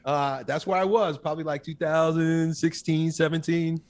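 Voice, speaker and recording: A man's voice: on the high side, little pitch movement. Emphatic man telling his story. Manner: intense, emphatic, quick bursts. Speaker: guest. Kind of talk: candid interview storytelling.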